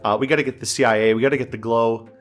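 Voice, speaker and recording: A man's voice: medium pitch, steady tone, very fast, faint music behind. A man giving casual, exasperated gameplay commentary, talking to himself and swearing as things go wrong. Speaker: gaming commentator.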